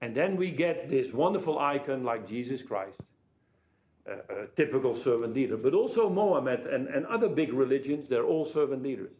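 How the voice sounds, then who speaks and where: A man's voice: medium pitch, animated, moderate pace, darkish tone, reverberant, muffled recording. A jet-lagged man giving a conference keynote over a telepresence link, telling anecdotes and jokes. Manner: anecdotal, joking storyteller. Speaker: keynote speaker.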